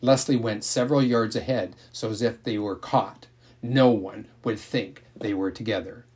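A man narrating a novel aloud in a calm, measured storytelling manner. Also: on the low side, breathy edge. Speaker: audiobook narrator.

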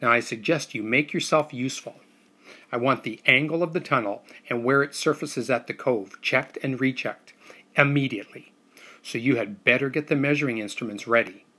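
A man reading aloud plays a middle-aged uncle who speaks lightly and smoothly, with mockery and malice underneath. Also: medium pitch, normal speed, bright, forceful tone. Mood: dismissive.

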